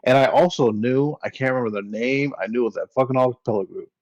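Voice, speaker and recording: A man's voice: mid-range voice, fast talker, darkish tone, no room sound, muffled recording. A laid-back man co-hosting a casual movie chat, swearing freely. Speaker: podcast co-host.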